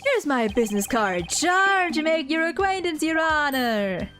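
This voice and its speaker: Glib, cocky male witness in a courtroom game, read by a woman, high and bouncy, overfamiliar charm. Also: sing-song, a little slow, a bit bright, soft background music, heavily acted. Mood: smug. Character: brash smooth-talking male witness, adult.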